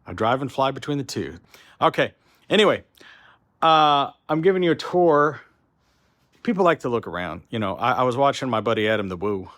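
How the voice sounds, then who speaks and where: A man's voice: mid-range voice, sing-song, brisk, fairly bright tone. Rambling, annoyed man giving a shop tour. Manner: rambling, frustrated, restarts a lot. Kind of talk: casual vlog walkthrough. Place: large warehouse workshop.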